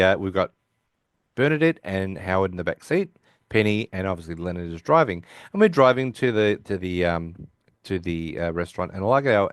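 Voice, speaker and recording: Male podcast co-host, somewhat low voice, chatty and meandering as he retells scenes, dry booth sound. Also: dry recording. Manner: retells scenes by quoting character lines; rambling, with frequent restarts. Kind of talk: casual episode recap chat.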